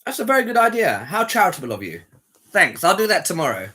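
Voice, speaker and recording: A man's voice: sits high, huge pitch swings, fast, sharp tone, breathy edge. A man hosting a livestream who teases and mocks a caller with flirty provocations. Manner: teasing, mocking, flirty provocations. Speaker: livestream host talking to callers. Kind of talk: taunting live call-in chat.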